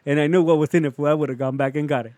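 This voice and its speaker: A man's voice: fairly high pitch, steady tone, racing, darkish tone, no echo, studio quality. Profane LA storyteller, slangy man. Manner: slangy, profane, says "fool" constantly. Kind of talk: casual storytelling chat.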